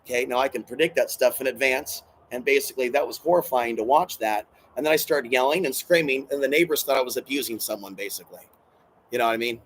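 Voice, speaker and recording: A channel host talks alone to his camera in a rambling vlog monologue, agitated, emotional, repeating himself and swearing, clearly distressed and hurt. His mid-range voice is quick, a bit bright and breathy, and the audio is poor.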